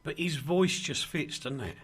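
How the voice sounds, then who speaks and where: A man's voice: on the high side, measured pace, a bit bright, husky. A man hosting a casual radio chat, jokey and a little rambling. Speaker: host.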